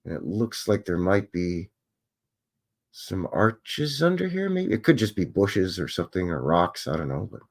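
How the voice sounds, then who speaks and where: A man's voice: sits low, sing-song, normal speed. A man hosting a live stream, musing and chatting as he thinks aloud over old photographs.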